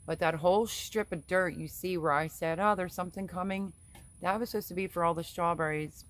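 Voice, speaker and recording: Middle-aged woman, homestead livestream host, chatty and rambling, quick to laugh. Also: fairly low pitch, fairly even intonation. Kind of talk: live stream chat, reading viewer comments.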